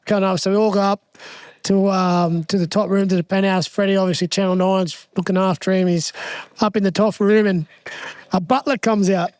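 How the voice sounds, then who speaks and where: A man's voice: high-pitched, steady tone, brisk, a little mellow, clear, resonant tone, dry recording. A man and former rugby league player telling a casual story at a live show in a hotel pub, repeating words as he goes and chuckling at his punchlines.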